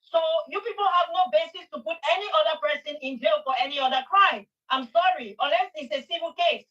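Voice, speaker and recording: High-pitched woman arguing a point. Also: brisk, pushed and bright. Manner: argumentative, lawyerly, asks rhetorical questions. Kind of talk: arguing in a talk show. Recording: dull, distant audio.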